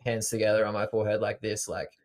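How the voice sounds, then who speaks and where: A man with a somewhat low voice hosts a relaxed podcast conversation. He thinks out loud in a calm, unhurried, thoughtful way and frequently stops to correct himself and rephrase mid-thought.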